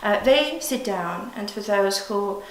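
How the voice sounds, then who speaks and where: A woman's voice: mid-range voice, lively intonation, slow. A woman teacher with a Russian accent giving a patient classroom demonstration lesson, chanting syllables in a sing-song way. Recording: echoey classroom with background noise.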